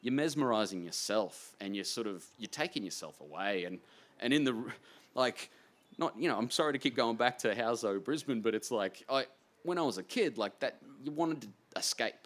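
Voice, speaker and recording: Excitable rambling Australian man. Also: medium pitch, moderate pace. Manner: excitable, rambling, self-deprecating. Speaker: author guest. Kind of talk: casual interview chat.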